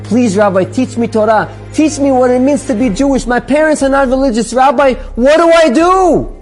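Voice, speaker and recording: A man voicing an earnest boy of about twelve who begs softly for help. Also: high-pitched, moderate pace, faint music behind, close to an everyday voice. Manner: soft and earnest, begging. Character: earnest, pleading boy near thirteen.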